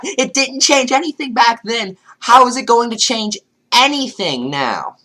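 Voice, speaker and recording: A woman's voice: fairly high pitch, expressive, measured pace, sharp tone. A woman giving sarcastic, exasperated commentary while reading online comments aloud. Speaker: commentary youtuber.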